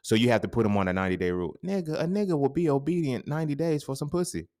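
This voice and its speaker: A man in his thirties hosting a podcast, talking in a casual, profane monologue that swings into sudden loud outbursts. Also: medium pitch, expressive, racing. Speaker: podcast host.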